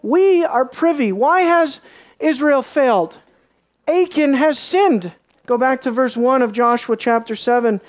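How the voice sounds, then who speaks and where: A preacher giving a sermon, reading scripture aloud and asking the congregation questions, dropping into soft low asides and rising into sharp emphasis. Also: moderate pace. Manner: reads scripture aloud and asks the listeners questions.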